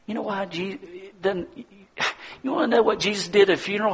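A man preaching a sermon, telling the story dramatically and swinging from hushed tones to loud declarations. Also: high-pitched, brisk, vocal fry, breathy edge.

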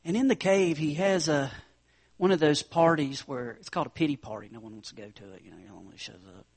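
A man preaching a sermon, retelling a scripture story with dramatic swings from loud, emphatic lines to hushed whispers. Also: on the high side, quick pace, slightly rough.

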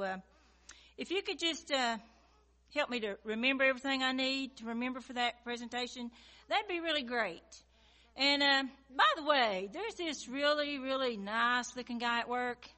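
Bright, chatty young woman praying. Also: on the high side. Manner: chatty, rambling, fillers, wheedling requests. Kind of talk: comic monologue prayer.

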